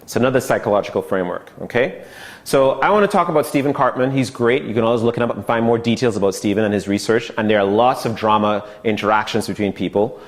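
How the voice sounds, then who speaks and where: A man's voice: on the low side, fast. Man, sales trainer, casual lecture, chatty, acts out quotes. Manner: casual, conversational, often says okay, acts out quoted lines. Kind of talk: online course lecture.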